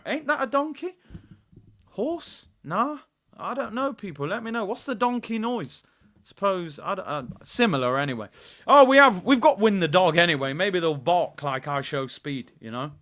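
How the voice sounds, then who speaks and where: A young man talks to his stream audience in a loose, rambling way. His voice sits high and swings widely in pitch, bright and forward in tone. He drifts between quiet asides and sudden excited shouts. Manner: animated, rambling, playful, bursts into high shouts. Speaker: football watchalong host. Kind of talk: casual live-stream chat.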